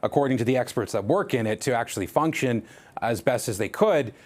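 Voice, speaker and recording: A man's voice: mid-range voice, animated, a little fast. Conversational man giving a news report. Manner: explanatory, conversational with restarts.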